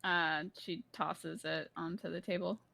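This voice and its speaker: A woman's voice: lowish voice, steady tone, a little slow, gravelly, bright, forceful tone, breathy edge, no echo. A woman player in a tabletop game, hesitant and playful.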